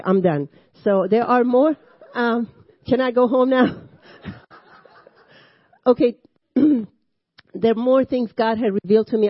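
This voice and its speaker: A woman's voice: mid-range voice, dry recording. A woman in her sixties with a Persian accent gives her testimony to a church congregation. She talks in a loose, conversational way, often restarting her sentences and adding short laughing asides. The sound is dry and a little dull. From Iran. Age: 60s. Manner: conversational with frequent fillers and self-interruptions, laughing asides. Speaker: guest speaker at a church service. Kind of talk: personal testimony sermon.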